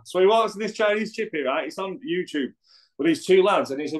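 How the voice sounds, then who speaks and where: A man's voice: high voice, expressive, brisk, poor audio. A man, a guest trading jokey stories in casual banter and mimicking the people he quotes.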